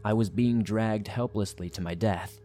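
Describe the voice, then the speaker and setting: A man reads a first-person horror story with dramatic, suspenseful delivery. His voice sits on the low side. Faint background music runs beneath the narration. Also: normal speed, warm tone.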